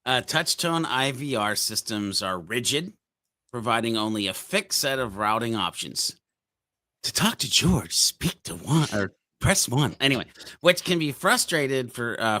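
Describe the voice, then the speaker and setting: A man co-hosting a podcast, reading update notes aloud and riffing on them in a jokey, energetic way. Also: medium pitch, no room sound. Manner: energetic, jokey, reads items aloud then riffs. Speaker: podcast co-host. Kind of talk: casual chat.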